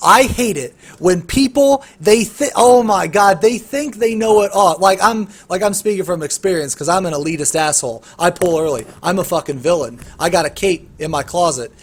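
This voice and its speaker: A young man with a high voice tells a heated gaming story on a casual podcast. He swears freely and rants with animated, rising energy. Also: moderate pace, hardly any pauses, breathy edge. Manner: animated, profane ranting storyteller. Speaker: podcast co-host.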